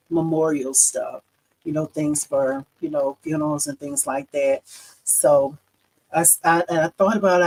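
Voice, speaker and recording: Woman, middle-aged, lower voice, friendly craft-stream host who laughs and chats with viewers. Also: darkish tone, poor audio. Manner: chatty, addresses viewers as y'all, laughs often. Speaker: embroidery livestream host. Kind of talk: casual live demo chat.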